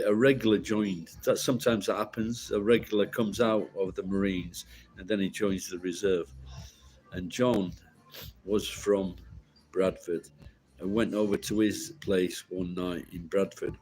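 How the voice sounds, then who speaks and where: A man's voice: low-pitched, a little mellow, low-quality recording. A middle-aged man with a Yorkshire accent, chatting casually in a rambling, sweary, blunt way. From Yorkshire, northern England.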